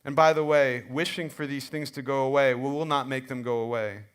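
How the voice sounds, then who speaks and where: A middle-aged man preaching a sermon in a church, telling stories in a conversational, animated way with frequent restarts. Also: mid-range voice, fairly quick, clean tone. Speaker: pastor. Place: church sanctuary.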